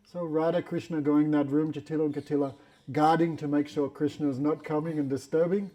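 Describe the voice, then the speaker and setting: A man telling a devotional story in a religious class, animated and laughing often, with non-standard English grammar. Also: on the high side, brisk. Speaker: spiritual teacher.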